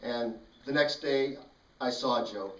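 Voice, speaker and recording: A man's voice: mid-range voice, takes it slowly, fairly bright tone. A man telling a childhood story in a casual, dry and wry way. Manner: dry, wry, matter-of-fact. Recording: roomy, mic at a distance.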